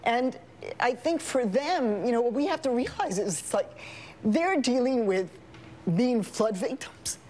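A woman journalist talking as a guest on a TV news show, emotional and choked up, speaking in a rapid, conversational way with many fillers and repeated words. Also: on the high side, lively intonation, a little mellow. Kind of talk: live TV panel commentary.

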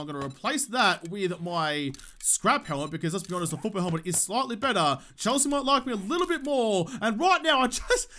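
A young man with an Australian accent talks through his gameplay in a loose, joking way, often speaking straight to the game. His voice sits high and bright. It swings up and down freely as he talks. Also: slight background noise. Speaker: gaming YouTuber. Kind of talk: casual gameplay commentary.

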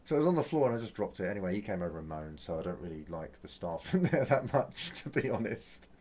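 A young man rambling through a casual vlog in a low, mellow voice. He grumbles and complains, tripping over restarts and fillers and swearing now and then. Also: very animated, fast. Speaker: vlogger.

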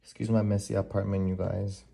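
Low-voiced young man chatting to camera. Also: flat delivery, brisk, creaky, dark tone, slight background noise. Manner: chatty, keeps saying "you guys". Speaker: vlogger. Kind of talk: casual vlog chat to camera. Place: home apartment kitchen.

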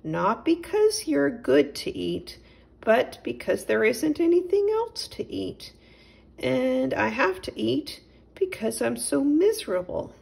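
Woman putting on a sobbing storybook cat, high and whiny, slow drawl, slight gravel. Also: sing-song, a little mellow, exaggerated voice. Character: sad plump female cat, weepy and hungry.

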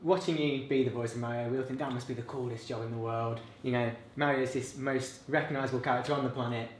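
A man's voice: mid-range voice, fairly even intonation, fast, roomy sound, a little hiss or hum. A young man asking eager questions as an interviewer. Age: young adult.

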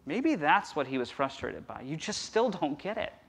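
A man preaching a conversational sermon as pastor, swinging from loud emphasis to a near-whisper. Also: on the high side, very animated, normal speed, slightly rough. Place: church.

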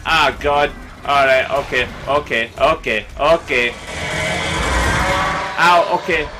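Excitable, sweary Scottish gamer. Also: male voice, fairly high pitch, slow, heavy background noise. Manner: excitable, sweary, bursts into yelling. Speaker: gaming YouTuber. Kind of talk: live gameplay commentary. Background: game music.

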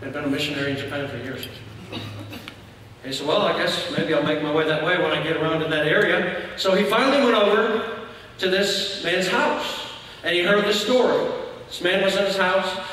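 A church elder preaching a sermon, telling a story and acting out shouted lines. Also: male voice, high-pitched, moderate pace. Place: church sanctuary. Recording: echoey hall from far off.

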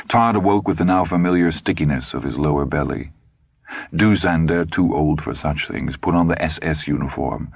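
A man reading an audiobook in a steady, grave, deliberate scripted narration, recorded close in a studio. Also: deep voice, no room sound.

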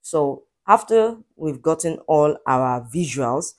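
A woman's voice: low voice, animated, slow. A woman hosting a screen-recorded tutorial, guiding viewers step by step with eager enthusiasm. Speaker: tutorial host. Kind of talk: screen-recorded software walkthrough.

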